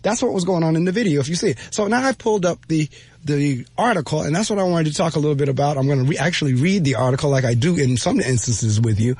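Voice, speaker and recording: A man's voice: on the high side, animated, quick pace, a little mellow, breathy edge, no echo. A man giving an earnest spoken reflection, emphatic and repeating his phrases for weight. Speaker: speaker giving a motivational talk.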